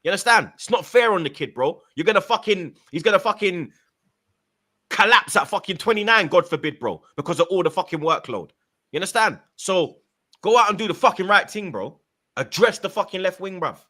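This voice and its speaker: Forceful, bright-voiced man. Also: high voice, animated, brisk. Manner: emphatic, heavy slang and swearing. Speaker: podcast guest pundit. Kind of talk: casual football chat.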